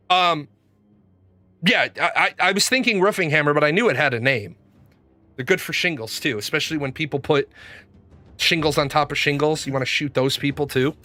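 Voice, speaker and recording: A man's voice: sits high, sharp tone. A man hosting a gaming show, telling stories in a casual, blunt and profane way, rambling as he goes. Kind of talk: casual livestream storytelling.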